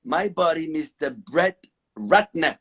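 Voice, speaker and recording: A man's voice: a little high, animated, takes it slowly, a bit bright, slightly rough. A man with a French accent, a guest on a live video chat, talking playfully and slipping in French phrases. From France. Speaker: guest actor.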